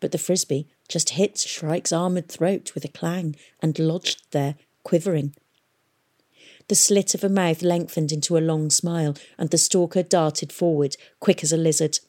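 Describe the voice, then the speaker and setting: A woman narrating an adventure audiobook in a measured, expressive storytelling manner. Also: low-pitched.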